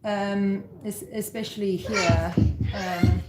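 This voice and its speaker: A woman's voice: medium pitch, wildly swooping pitch, slow. A woman co-hosting a casual chat, speaking hesitantly and apologetically, with many fillers. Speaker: co-host. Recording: echoey room with loud noise.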